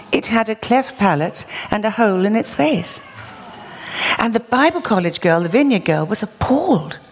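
A woman delivers a sermon as a story, her slightly low voice turning bright and emphatic at the high points. She mixes dry, wry asides with rising exclamations. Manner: animated, wry, builds to exclamations. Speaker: preacher.

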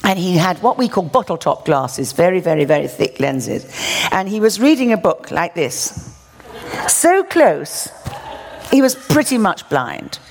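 Woman preacher, humorous storytelling sermon, lively swings in pitch, lowish voice, laughs often. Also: unhurried, creaky. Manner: lively, self-mocking, laughs through her stories.

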